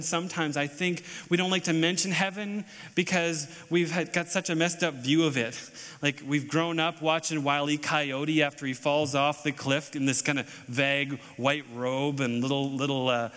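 Bright-voiced man preaching in a reverberant hall. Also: a little high. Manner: emphatic repeated litany. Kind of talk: sermon. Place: large chapel hall.

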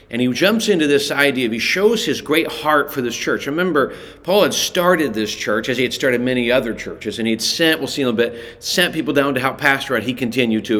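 A man's voice: medium pitch, a bit bright. Casual, self-correcting man teaching Scripture. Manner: casual and conversational, often correcting himself mid-sentence. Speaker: Bible teacher. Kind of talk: daily Bible study podcast teaching.

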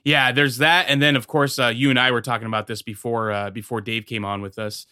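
A man's voice: mid-range voice, flat delivery, fairly quick, pushed and bright, smooth, dry recording, clean studio sound. A man co-hosting a casual podcast chat, joking crudely and rattling off details. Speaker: podcast co-host.

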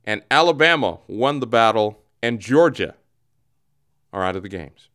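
A man hosting a comedic podcast, talking in an animated, jokey way. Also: lowish voice, normal speed. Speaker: host.

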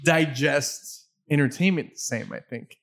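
A middle-aged man hosting a casual interview, talking in a halting way and often repeating his words. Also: fairly high pitch, gravelly, a bit bright. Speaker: interview host.

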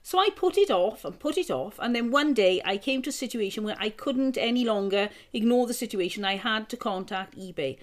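A woman's voice: on the high side, animated, fairly quick, hardly any pauses. A middle-aged woman co-hosting a podcast, telling stories in an earnest, reassuring casual chat. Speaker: podcast co-host.

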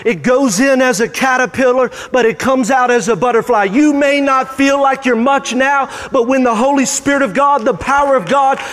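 A man's voice: very high-pitched, moderate pace, few pauses, a bit bright, soft background music. A man preaching a sermon as pastor, with rising, emphatic bursts. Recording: hall reverb.

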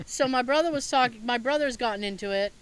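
A woman casually telling stories in a chat, animated and laughing often, with a bit of swearing. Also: a little high, brisk, clean tone, poor audio.

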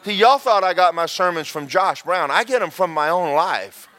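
A man preaches in a folksy, animated way. His voice sits high for a man and has a bright, forceful edge. He talks straight to the congregation, repeating phrases and throwing in shouted asides. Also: moderate pace. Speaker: pastor. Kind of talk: sermon.

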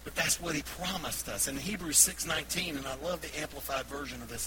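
A man's voice: on the high side, fairly quick, hardly any pauses, slight background noise, rough recording. A male pastor preaching a sermon, telling folksy personal stories and laughing easily at them. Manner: folksy storytelling, laughing warmly at his own stories. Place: church sanctuary.

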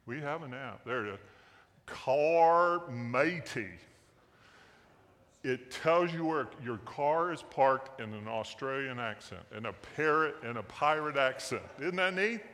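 A man's voice: medium pitch, lively intonation, moderate pace, few pauses, bright, forceful tone, in a large hall. A man preaching a sermon as pastor, in a folksy, joking way, asking the congregation questions in a church sanctuary.

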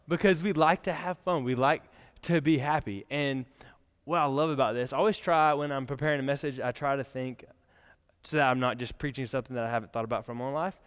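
A young pastor delivers a casual, conversational sermon in church, chatting, laughing often, and using many fillers. His mid-range voice is clear and resonant, and the recording carries a long church-hall reverb.

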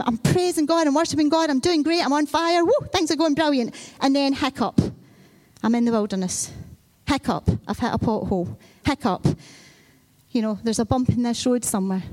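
A woman's voice: sits high, darkish tone. A woman preacher giving a sermon in a conversational, storytelling way. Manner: conversational storytelling, acting out children and Bible figures.

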